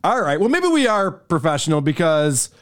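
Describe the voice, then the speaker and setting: A man in casual podcast banter, fast and mocking. His voice sits high and swings widely in pitch as he riffs. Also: very animated. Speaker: podcast host.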